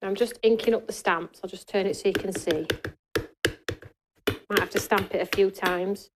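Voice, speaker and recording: A woman's voice: mid-range voice, steady tone, normal speed, very noisy. A woman hosting a live craft demonstration in a studio, chatting to her viewers and answering their comments as she works. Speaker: craft show host.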